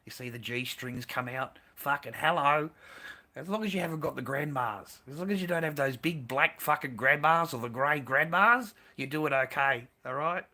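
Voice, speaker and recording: A man's voice: on the high side, normal speed, sharp tone. A man hosting a stream who talks in a crude, profane and rambling way. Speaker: streamer host.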